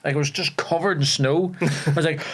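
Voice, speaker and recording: Belfast guy, young actor, chatty storyteller, bit high voice, laughs a lot. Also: brisk, a little hiss or hum. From Northern Ireland. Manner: animated storyteller, laughing often. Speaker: actor and podcast guest. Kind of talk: casual storytelling chat. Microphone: podcast studio mic.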